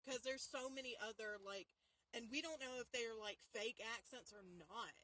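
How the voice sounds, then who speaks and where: A woman's voice: on the high side, moderate pace, bright, forceful tone, rough recording. A woman with a Southern US accent, co-hosting a casual chat in a chatty, teasing way. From Southern United States. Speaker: haunt reviewer co-host.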